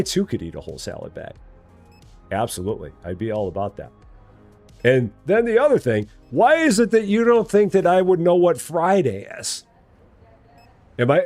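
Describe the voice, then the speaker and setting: A man in his forties streaming a game live, chatting with viewers in a lively, joking way at a desk mic. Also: medium pitch. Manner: lively, talking to chat, jokingly challenging; hums and scats while working. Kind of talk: live gameplay chat.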